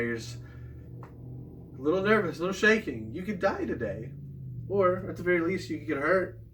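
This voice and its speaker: A man's voice: a little high, a bit bright, far from the mic, slight background noise. A young man talking casually about combat tactics, swearing freely and painting vivid battle scenes. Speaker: combat sport player sharing tips. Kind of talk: casual profane monologue.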